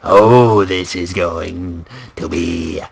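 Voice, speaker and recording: A man voicing a sinister, theatrical male showman, drawn-out and mock-menacing. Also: low-pitched, steady tone, creaky, husky, voice pushed down, exaggerated voice.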